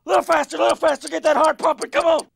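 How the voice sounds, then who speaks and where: Coach Zuff, a gravelly, high-voiced football coach. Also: male voice, fairly even intonation, very fast, heavily acted. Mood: coaxing. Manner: loud, pushy, jokey coaxing. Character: upbeat male football fitness coach. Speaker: coach leading an exercise break. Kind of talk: scripted video hosting.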